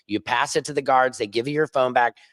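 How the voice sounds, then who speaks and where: A man who hosts his own news vlog, ranting casually and fast from a rooftop with lots of restarts and asides. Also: medium pitch, fairly bright tone, no room sound. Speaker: independent journalist and vlog host. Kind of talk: casual on-camera rant.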